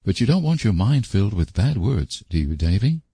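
A soft, patient young woman coaxing a child, as a man reads her aloud. The voice is raised somewhat above the reader's own and stays dry and close, with a faint gravel underneath. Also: lowish voice, sing-song, moderate pace, dry recording, pitched above the performer's own voice, exaggerated voice. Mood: gentle. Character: gentle, kind young woman.

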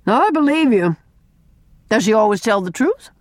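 A blunt, homespun middle-aged farm wife, as a female audiobook reader puts her on, quick to fuss and quick to soften. Her voice rises and falls lively, in a dry, close recording. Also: fairly high pitch, dry recording, pitched above the performer's own voice, close to an everyday voice. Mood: skeptical. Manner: blunt, homespun, fond "dearie". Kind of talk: audiobook character reading.

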